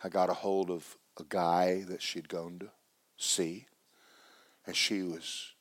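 A man preaching a sermon, loud and emphatic at times and sinking to a hushed near-whisper at others. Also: low-pitched, level tone, slow pace, no echo.

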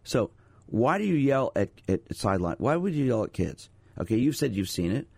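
A man's voice: medium pitch, very animated, normal speed, creaky, dark tone, slightly rough, no room sound. A middle-aged man hosting a radio talk show as a sports psychologist, telling stories and asking the audience rhetorical questions. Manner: storytelling, conversational, rhetorical questions. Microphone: studio microphone. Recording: dry studio sound.

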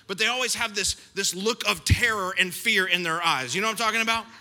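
A middle-aged male pastor with a high, very bright voice delivers a sermon in a large church hall. He tells stories with animated, playful self-mockery. His voice carries a long reverb through the room. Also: quick pace, faint music behind. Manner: animated storyteller, playful self-mocking asides.

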